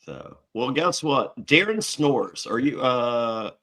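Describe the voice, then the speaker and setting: A man hosting a casual talk show, tossing out wry, joking asides and quick recaps. His voice is mid-pitched and conversational. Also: very animated, a bit bright. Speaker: host. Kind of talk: casual aftershow chat.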